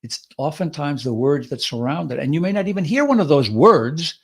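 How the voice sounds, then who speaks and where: Man explaining with lively acted quotes. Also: a little high, a little fast, vocal fry, breathy edge. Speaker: podcast co-host. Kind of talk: conversational advice talk.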